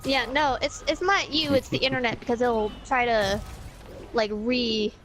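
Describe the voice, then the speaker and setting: A woman's voice: a little high, measured pace, fairly bright tone, a little hiss or hum. A woman with a stuffy nose co-hosting a casual online show, chatty and apologetic, full of likes, over an online call. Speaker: co-host. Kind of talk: casual podcast chat. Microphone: home mic over an online call.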